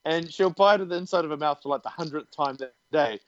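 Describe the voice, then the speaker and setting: A man with a New Zealand accent, co-hosting a podcast, telling stories in an animated way and laughing often. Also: fairly high pitch, quick pace, no room sound. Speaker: podcast co-host. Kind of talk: casual chat. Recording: muffled lo-fi sound.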